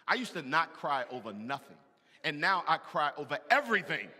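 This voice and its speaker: Pastor, male, sermon delivery: sharp, forceful tone, with the long reverb of a large church hall. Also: a little high, brisk, slightly rough. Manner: animated, preaching with loud emphatic bursts and call-and-response. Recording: echoey hall from a distance.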